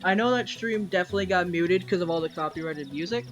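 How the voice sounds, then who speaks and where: Game streamer at a home setup, casual and foul-mouthed, voice pitched mid-range, game music clearly underneath. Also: fast. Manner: chatty storyteller, swears freely, gets loud and excited. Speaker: Twitch streamer.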